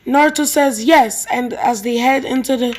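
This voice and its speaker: High-voiced woman reading a fan story. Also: normal speed, darkish tone. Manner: plain reading with frequent restarts.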